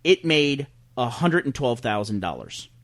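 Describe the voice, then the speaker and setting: A man co-hosting a podcast, chatting casually and telling animated stories about movies and box office numbers. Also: medium pitch, a little slow. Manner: animated storyteller, breaks down numbers. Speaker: podcast host. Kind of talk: casual chat.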